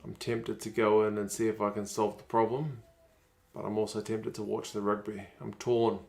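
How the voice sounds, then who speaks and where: A man's voice: on the low side, little pitch movement, moderate pace, vocal fry, darkish tone. A man, chatting casually on a live stream while watching rugby and reading out viewer comments.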